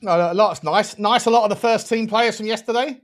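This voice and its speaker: A man hosting a live football watchalong, animated and excitable, quick to laugh and swear while chatting over the match. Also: high voice. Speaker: fan channel host.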